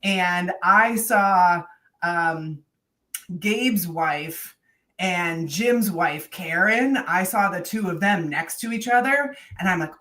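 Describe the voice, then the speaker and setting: A woman telling race stories in casual podcast chat, upbeat and chatty. Her voice is lowish but bright and sharp. She sits a little back from the mic. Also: slow pace. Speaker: podcast co-host. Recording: voice a bit far from the mic.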